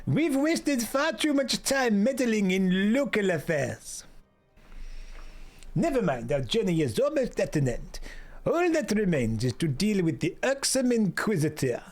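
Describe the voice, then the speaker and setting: A man voicing a prim, formal male French companion in a game, with a put-on French accent and slow, drawn-out theatrical delivery. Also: high voice, big pitch swings, faint music behind. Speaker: streamer.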